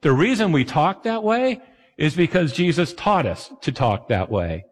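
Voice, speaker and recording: A man's voice: on the high side, very animated, measured pace. A man pastor preaching a conversational sermon, often asking his listeners questions. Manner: conversational, asks the audience questions. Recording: long hall reverb.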